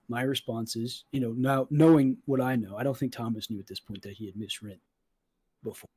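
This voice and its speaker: Young man, podcast host, husky voice, dry close sound, swears a lot, quotes both sides of an argument. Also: mid-range voice, fairly even intonation, brisk, a little mellow, no echo. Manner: profane, retells arguments with quoted dialogue. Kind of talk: casual storytelling chat.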